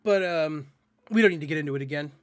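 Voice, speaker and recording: A man's voice: a little high, fast talker, no echo. A male streamer in casual live-stream chat, joking with his viewers and tripping over tricky words.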